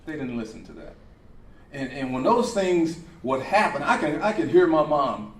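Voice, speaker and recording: A man's voice: on the high side, big pitch swings, moderate pace. A middle-aged man, a coach, giving an emphatic motivational speech at an event, repeating his key phrases with a rising, preaching cadence. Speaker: coach and speaker. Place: event hall. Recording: echoey hall, speaker far from mic, faint ambience.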